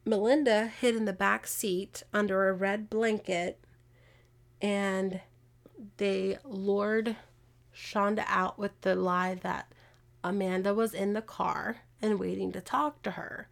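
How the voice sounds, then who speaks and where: A woman with a touch of vocal fry hosts a casual true-crime podcast. She tells the case in a conversational way and throws in exasperated comments. Her pitch sits in a middle range. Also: slow. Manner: animated, acts out quotes, exasperated asides. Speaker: podcast host.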